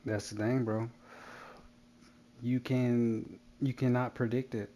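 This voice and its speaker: A man chatting casually with a friend during a game, answering in short, relaxed bits and calling him "bro.". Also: mid-range voice, slow pace. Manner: laid-back, short replies, calls friend "bro". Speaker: friend in a gaming chat. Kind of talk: casual chat over a game.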